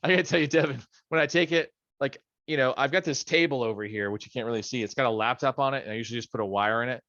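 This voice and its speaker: A man's voice: mid-range voice, very fast, pushed and bright, dry recording, highs cut off. A middle-aged man leading a study session on a video call from his home office, in a casual, rambling way with joking asides. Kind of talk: casual training talk.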